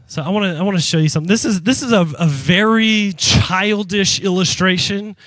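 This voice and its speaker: Male pastor, high bright voice, fiery emphatic sermon delivery, dry close sound. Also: fairly quick, no echo. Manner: impassioned, emphatic preaching; speaks directly to the congregation. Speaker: pastor and youth worker.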